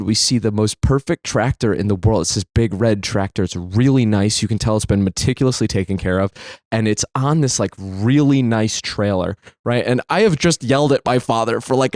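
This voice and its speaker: A young man tells a personal story in a dry, close-miked recording. His middle-pitched voice swings between low, muttered asides and sudden exasperated leaps. He swears freely as he goes. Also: no echo. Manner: animated, swears freely, jumps high when exasperated. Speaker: storyteller host.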